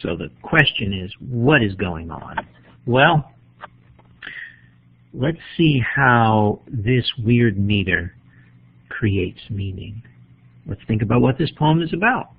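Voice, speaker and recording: A man's voice: fairly low pitch, very animated, takes it slowly, creaky, pauses often, breathy edge. A man teaching a poetry lesson, thinking aloud while he marks up a poem with a pen. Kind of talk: poetry lecture. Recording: tinny phone-like sound.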